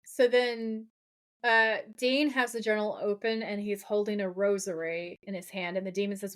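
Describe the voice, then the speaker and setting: A woman's voice: medium pitch, normal speed. A woman podcast co-host recapping a TV episode in casual chat, acting out the characters' lines and swearing freely. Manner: animated, acts out quoted dialogue, swears casually.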